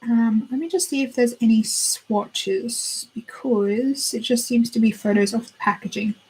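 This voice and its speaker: Chatty woman with a husky voice. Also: a little high, a little slow, a little mellow, poor audio. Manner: chatty, gushing, thinks aloud while browsing. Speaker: beauty channel host. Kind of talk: casual chat.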